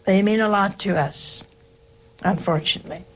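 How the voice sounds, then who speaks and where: A woman hosting a religious call-in show, giving an earnest, reflective spiritual talk in slow, emphatic parallel phrases. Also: mid-range voice.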